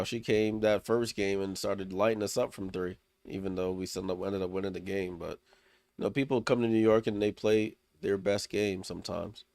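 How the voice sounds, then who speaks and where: A man's voice: fairly low pitch, a little mellow, no room sound. A man hosting a live watchalong, giving casual play-by-play as a fan and getting worked up on big plays. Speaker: watchalong host.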